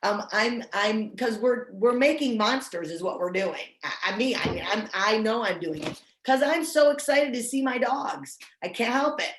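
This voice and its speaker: A woman's voice: a little high, moderate pace, reverberant, poor audio. A woman training service dog owners over a video call, chatty and self-deprecating, often restarting her sentences. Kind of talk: casual online training talk.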